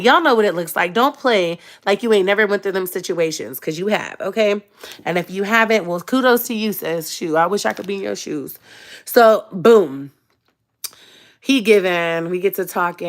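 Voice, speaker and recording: A woman's voice: fairly low pitch, normal speed. A young woman, telling her story casually on a livestream, chatty and joking with her viewers. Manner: chatty, joking asides to viewers, frequent laughs. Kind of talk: casual storytelling to a live chat.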